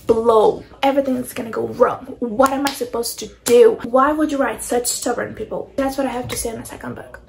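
A woman's voice: a little high, vocal fry, a little mellow, a little hiss or hum, poor audio. A young woman, ranting dramatically and exasperatedly about a book in a casual reading vlog. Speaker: book vlogger.

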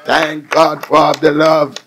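A man preaching a radio sermon in place of his bishop, with repeated refrains that build to shouts. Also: a little high, level tone, slow pace, slight background noise.

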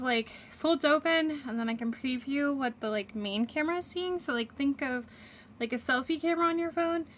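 A woman's voice: high voice, sharp tone, a little hiss or hum. A woman vlogging casually from her home sewing office, rambling through her craft work with lots of fillers. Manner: rambling, filler-heavy, chatty. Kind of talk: casual chat. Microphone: phone camera.

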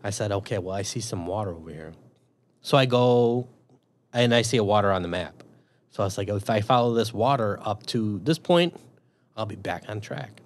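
Speaking at a moderate pace in a lowish voice, this former army man turned police officer from Chicago spins a lengthy tale in a casual interview. He's profane and animated, acting out his own past thoughts.

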